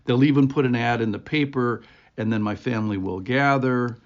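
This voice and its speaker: A man with a mid-range voice, speaking at normal speed, hosts a devotional podcast. The informal talk is earnest, conversational and reflective, captured on a dull lo-fi recording.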